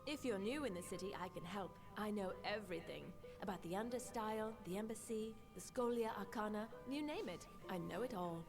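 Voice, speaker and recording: A woman's voice: mid-range voice, expressive, a little fast, hardly any pauses, natural voice. A woman voicing a flirty, know-it-all tavern keeper in a video game, teasing and coy. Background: game music.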